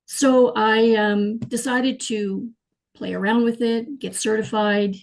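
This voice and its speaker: A middle-aged woman, telling her life story as an interview guest in an animated, emotional way. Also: a little high, a little slow, creaky, rough recording. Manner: animated, emotional, frequent fillers and restarts. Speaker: guest, clairvoyant healer.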